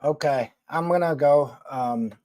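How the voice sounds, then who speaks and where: A man with a Philadelphia accent talks loosely to his livestream audience, swearing freely and wandering from point to point. His voice sits a little high for a man. The sound is dry and close, with no room around it. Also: a little slow, dark tone, dry recording. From New York City. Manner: profane, rambling, blunt. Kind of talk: casual livestream chat answering viewers.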